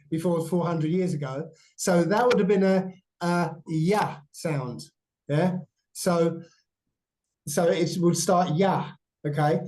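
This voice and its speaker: A man, a guest on a video call, explaining slides in a halting way and checking in often with "right?" and "yeah?". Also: high-pitched, a little mellow, rough recording. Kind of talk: explanatory chat over shared slides.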